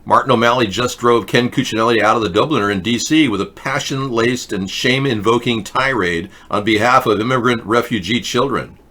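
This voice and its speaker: A man's voice: mid-range voice, fairly quick, hardly any pauses, pushed and bright. A man hosting a political talk show, reading news headlines aloud and mocking them with sarcastic asides. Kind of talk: casual political commentary.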